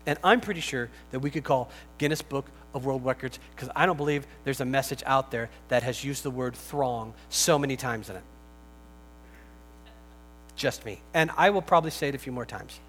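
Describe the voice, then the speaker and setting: A pastor preaches a sermon in a conversational, joking style, now and then breaking into emphatic bursts. His mid-range voice is a bit bright and moves at a moderate pace, with long hall reverb and faint music in the recording.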